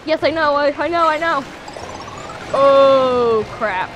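A woman commenting on her video game as she plays, with excitable, squealing reactions. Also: high voice, slow pace, muffled recording, over music. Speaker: gamer playing a video game. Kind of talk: let's play commentary.

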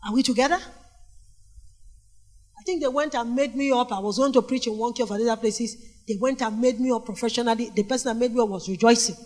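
A middle-aged Nigerian woman preaching a sermon, telling stories with animated energy and calling out questions to the congregation. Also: a little high, quick pace. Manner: animated storytelling with call-and-response questions to the congregation.

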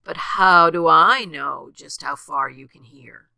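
A woman voicing a big gruff male bear who snorts and sneers. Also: lowish voice, lively intonation, measured pace, sharp tone, dry recording, exaggerated voice. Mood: scornful. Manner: snorting, scornful.

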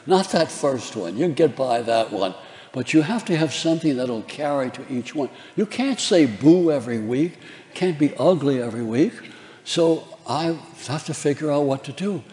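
A man's voice: medium pitch, animated, moderate pace, darkish tone. An older man on stage telling a live audience chatty, laughing anecdotes about his career, acting out the voices of the people he quotes. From New Orleans, Louisiana. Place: large theater. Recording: reverberant theater hall.

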